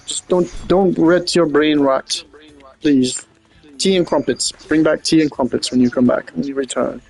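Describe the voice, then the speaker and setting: A man putting on a prim, fussy English gentleman. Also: a little high, fairly even intonation, gravelly, soft background music, low-quality recording. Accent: put-on English. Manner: theatrical, drawn-out, whimsical. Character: prim, fussy British gentleman stranded up high. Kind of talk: game voice chat banter.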